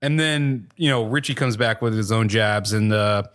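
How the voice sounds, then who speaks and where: A man's voice: on the low side, normal speed, fairly bright tone, smooth. A man co-hosting a review podcast, recapping episodes in a rambling, profane, casual way. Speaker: podcast co-host reviewing a TV show.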